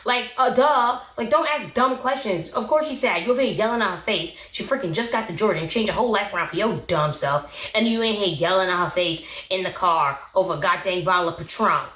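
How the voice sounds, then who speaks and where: A woman's voice: mid-range voice, fairly quick, few pauses, a bit bright. Sassy woman recapping a reality show. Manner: opinionated, sassy, talks back at the show. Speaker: recap vlogger. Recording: roomy echo.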